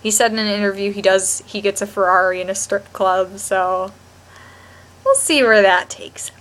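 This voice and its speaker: A woman's voice: mid-range voice, fairly bright tone. A young woman vlogging a rambling, gushing TV review with lots of restarts. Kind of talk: casual chat to camera.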